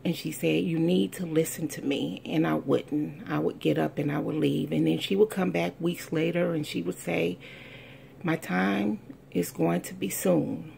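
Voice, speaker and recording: A middle-aged woman from the United States giving an earnest, heartfelt testimony, telling a family story with slow, deliberate emphasis. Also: sits low, fairly even intonation, gravelly, mellow, a little hiss or hum. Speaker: speaker sharing a personal testimony.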